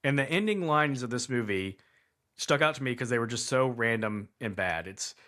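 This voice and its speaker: A man's voice: mid-range voice, lively intonation, moderate pace, pushed and bright. A man co-hosting a casual movie review chat, rambling and restarting his sentences, incredulous at bad writing. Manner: rambling, self-interrupting, incredulous. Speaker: podcast co-host.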